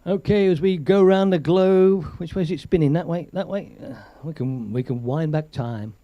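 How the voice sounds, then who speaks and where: A man's voice: fairly high pitch, normal speed, dry recording, muffled recording. A man hosting a casual live stream, chatting, laughing and reading out viewer comments. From England. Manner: chatty, rambling, laughs often, reads viewer comments aloud.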